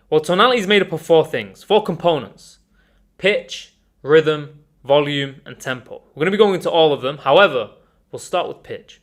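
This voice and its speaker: A man with a fairly high voice leads an online speaking lesson. He is energetic and emphatic, punching key words and calling his viewers guys. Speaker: communication coach.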